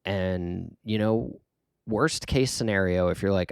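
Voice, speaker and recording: A man's voice: low-pitched, takes it slowly, creaky, clean tone, no echo, clean studio sound. A middle-aged man talking casually and earnestly, rambling with fillers and restarts as he gives advice. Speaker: podcast host giving life advice. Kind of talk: casual reflective monologue.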